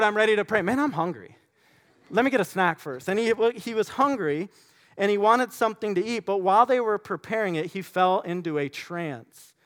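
A man preaching a sermon, reading scripture and retelling it with animated, acted-out storytelling. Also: sits high. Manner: animated storytelling, acting out voices. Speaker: pastor.

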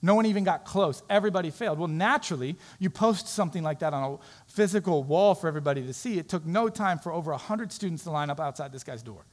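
A male pastor delivering a sermon, with a somewhat high-pitched voice. He talks in an earnest, conversational way and tells his story plainly to the congregation. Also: lively intonation, quick pace, hardly any pauses.

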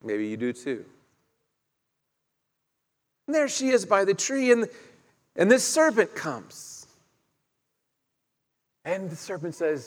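A man's voice: fairly high pitch, very animated, unhurried, pauses often. A man preaching a sermon in a conversational way, asking his listeners questions as he retells the story. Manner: conversational, asks the congregation questions. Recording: echoey hall, long reverb.

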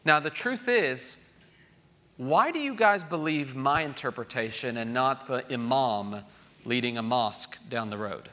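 A middle-aged man preaching a sermon in a lively way, acting out voices of children he quotes. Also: mid-range voice, a little slow. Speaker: pastor.

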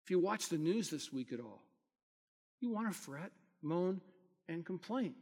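With expressive delivery at a measured pace, a pastor gives a sermon in a high, earnest voice. He rises loud on important phrases and goes quiet in between, and the audio has a long hall reverb.

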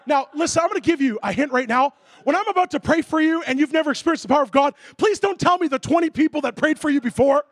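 A man preaching a sermon, telling a comic story with animated delivery and shouted sound effects. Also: extremely high pitch, quick pace, no echo.

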